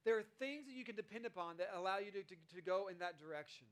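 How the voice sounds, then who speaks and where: A high-pitched man delivers a relaxed, conversational sermon as a pastor. He talks with lively energy and slips into playful quoted voices to make his points. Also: fast talker.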